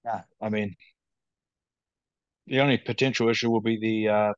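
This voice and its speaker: Man, New Zealand accent, low, monotone, calm, matter-of-fact, dull video call audio. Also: moderate pace, clean tone, no room sound. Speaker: guest. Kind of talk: casual interview chat.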